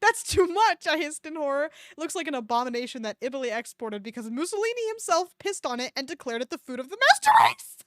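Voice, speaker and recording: A woman's voice: sits high, expressive, fast, fairly bright tone, no echo, clean studio sound. A woman streamer reading a fan fiction aloud, breaking off to mock it with sarcastic, swearing asides. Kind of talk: comedic dramatic reading with commentary.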